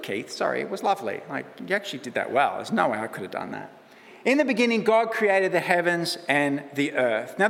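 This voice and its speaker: Aussie male pastor, slightly high voice, joking sermon, echo of a big church hall. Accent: Australian. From Australia. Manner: chatty, self-deprecating, lively asides.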